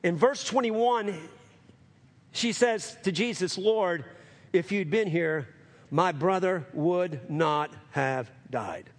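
A man preaching a sermon as pastor, calling for amens, swinging from emphatic highs to hushed lows. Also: slow pace. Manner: calls for amens from the congregation.

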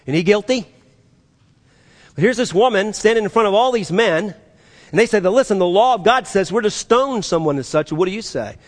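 A pastor preaches a sermon animatedly, acting out the voices of those he quotes, his voice rising and dropping sharply. He sounds high-pitched and brisk.

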